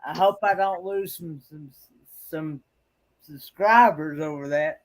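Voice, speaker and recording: A man hosts a casual late-night livestream chat in an unusually high voice for a man. He talks slowly and stumbles over repeated words as he looks for his next thought. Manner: halting, repeats words while searching for them. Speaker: livestream host.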